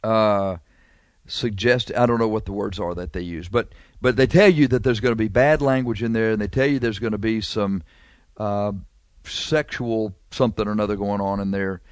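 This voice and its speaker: A man's voice: on the low side, fairly even intonation, moderate pace, no room sound. A man preaching a sermon in a conversational, emphatic way, repeating phrases and drawing out key words.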